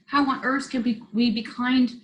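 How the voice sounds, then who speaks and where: A middle-aged woman hosting a healing circle over a video call, sharing tearfully in a soft, halting, heartfelt way. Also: fairly high pitch, fairly even intonation. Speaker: host of a women's healing circle. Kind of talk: emotional sharing in an online circle. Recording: roomy echoey sound.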